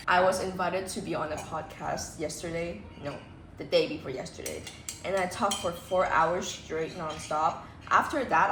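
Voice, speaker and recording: A young woman from Macau, slightly hoarse from being sick, chatting casually and rambling playfully in a vlog. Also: on the low side, noisy background. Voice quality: raspy. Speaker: vlogger. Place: home kitchen. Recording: echoey room, camera a bit far off.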